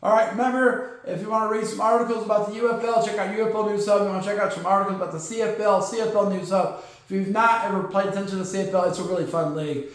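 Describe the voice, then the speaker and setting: A man hosting a football podcast, running through league news in quick bursts with lots of fillers and punchy asides. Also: sits high, steady tone. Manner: rapid-fire, filler-heavy, punchy asides. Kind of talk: sports news rundown. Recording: very echoey room.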